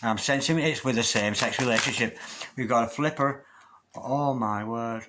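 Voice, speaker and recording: A man's voice: mid-range voice, fast talker, background noise. A man talking through a tarot card reading in a chatty way, stopping now and then to call on spirit guides. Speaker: tarot reader.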